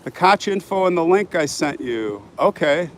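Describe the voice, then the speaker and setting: Strolling outdoors through a cemetery, a man hosts a phone live stream, chatting casually and reading out viewer comments to respond to them. His slightly high voice has lively intonation at a moderate pace, with wind noise in the handheld phone audio.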